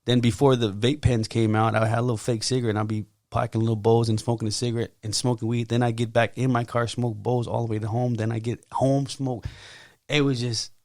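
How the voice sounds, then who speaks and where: Guest: gravelly man, mid pitch, dry close sound, animated testimony. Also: a little fast, no echo. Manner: animated, acts out his own quotes loudly. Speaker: podcast guest. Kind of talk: casual testimony.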